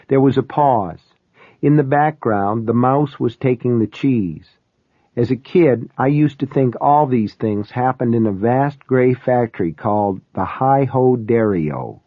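A man reading a first-person novel aloud in a wry, measured way. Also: mid-range voice, no echo. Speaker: audiobook narrator. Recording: tinny, phone-like, dry.

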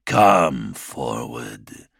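A man voicing a brooding, half-mad male warlord prince with a slow, low, menacing delivery. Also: big pitch swings, creaky, fairly bright tone, slightly rough, no echo, studio quality, heavily acted. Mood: brooding menace.

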